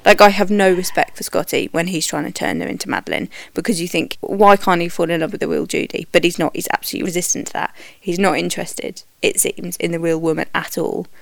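A woman reviewing a film for a podcast, talking candidly and with animated opinions. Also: fairly low pitch, quick pace, gravelly, hardly any pauses, dry recording. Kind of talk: conversational narration.

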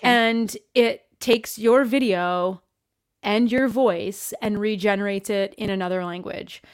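A woman from Canada chatting casually as a guest on a video call, bubbly and laughing often, with quick asides. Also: medium pitch, steady tone, clean tone. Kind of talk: casual chat.

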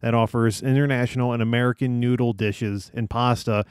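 A man's voice: medium pitch, fairly even intonation, a little fast, clear, resonant tone, no room sound, clean studio sound. A man hosting a casual podcast, reading out facts with hesitant ums and uhs. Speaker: podcast host.

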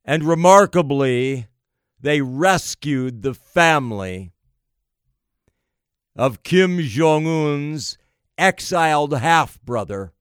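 A man delivering an emphatic political monologue, slow and deliberate, piling up phrase after phrase. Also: mid-range voice, fairly bright tone, dry recording, clean studio sound. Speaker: political commentator.

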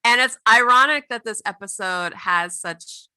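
Gushing woman podcast co-host, very bright tone. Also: fairly high pitch, clear, resonant tone. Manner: gushing, quick recap with laughs. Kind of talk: casual podcast recap.

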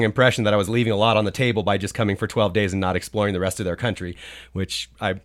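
A man's voice: fairly low pitch, steady tone, fast talker. A man on a podcast as a guest, recalling his travels in a rambling, casual way with many fillers and restarts. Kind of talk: casual chat.

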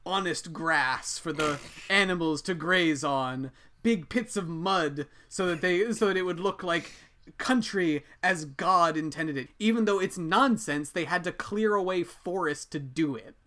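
A man's voice: a little high, unhurried, bright, forceful tone. A man hosting a podcast, dryly explaining a history story in a casual, amused way. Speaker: podcast host.

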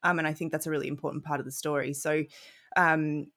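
A woman's voice: sits low, fairly even intonation, quick pace, fairly bright tone. A woman with an Australian accent tinged with French Canadian, speaking thoughtfully as a guest. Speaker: guest, counselor and movement coach. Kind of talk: conversational interview.

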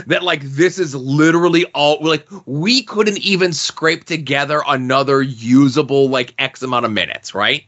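A man's voice: fairly high pitch, moderate pace, few pauses, fairly bright tone, muffled recording. Sarcastic rambling man reviewing a movie. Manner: sarcastic, rambling, fillers like "okay?". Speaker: podcast host. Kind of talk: casual movie review chat.

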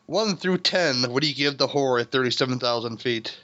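Bright-voiced laughing podcast host man. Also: mid-range voice, brisk. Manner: laughing, swearing, rambling with restarts. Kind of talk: casual movie review chat. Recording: dull lo-fi sound.

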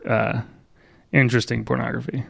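A man's voice: medium pitch, level tone, moderate pace, vocal fry, slightly rough. A man co-hosting a podcast, chatting casually and joking with lots of fillers. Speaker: podcast co-host. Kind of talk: casual chat.

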